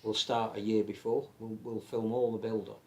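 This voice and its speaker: An English man with an animated manner, chatting casually as a rugby league podcast pundit and often restarting his sentences. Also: on the low side, normal speed. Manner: animated, many restarts and stammered repeats. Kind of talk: casual panel chat.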